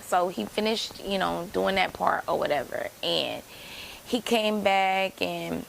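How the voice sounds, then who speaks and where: A woman's voice: on the low side, slow, creaky, slight background noise, poor audio. A woman in her late twenties telling a personal story to her viewers in a chatty, rambling way, calling them y'all. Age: late 20s. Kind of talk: casual storytime chat.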